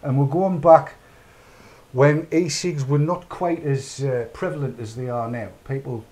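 A man's voice: mid-range voice, steady tone, measured pace, a little mellow. A middle-aged man hosts a casual chat, rambling along in a mid-range voice. He talks off the cuff and narrates his own actions aloud as he goes. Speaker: podcast host.

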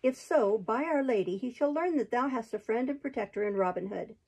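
A woman's voice: fairly high pitch, lively intonation, a little fast, darkish tone, slightly rough, low-quality recording. A woman voicing a bold, merry male outlaw leader who speaks in hearty exclamations, read aloud from a storybook.

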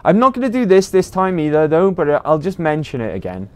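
A man's voice: on the high side, wildly swooping pitch, fairly quick, clear, resonant tone. A man with a British accent, chatting casually to viewers while livestreaming a game, rambling with lots of ums and uhs. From Britain. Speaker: game streamer.

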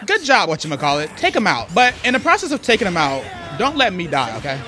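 A man's voice: high-pitched, wildly swooping pitch, fast talker. A man giving playful gameplay commentary, trash-talking opponents as he plays. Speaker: gaming YouTuber. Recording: game music behind voice. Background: video game music.

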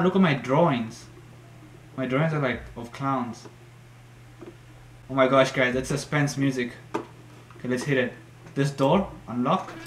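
A young man, a YouTuber playing a horror game, jumpy and swearing, letting out shrieks when startled. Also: mid-range voice. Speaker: gaming YouTuber. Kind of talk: horror game let's play commentary. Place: room at home. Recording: echoey room with faint noise.

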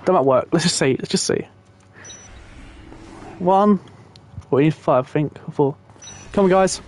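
A young man commentating a video game, exasperated and swearing loudly at the characters he guides. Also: on the high side, measured pace. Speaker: gamer. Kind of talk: let's play commentary. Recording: game sounds and noise behind voice.

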